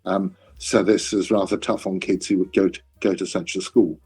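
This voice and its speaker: A man's voice: low-pitched, fairly even intonation, moderate pace, darkish tone, breathy edge, soft background music. An older man, a classics scholar, speaking in a conversational interview with many restarts and a dry, self-mocking humor.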